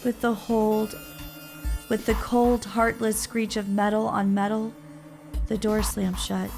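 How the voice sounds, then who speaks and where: Young female narrator, read by a man, slightly high, steady storybook delivery, music behind. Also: takes it slowly, creaky, exaggerated voice. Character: young woman narrator, frightened. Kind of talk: reading game text aloud.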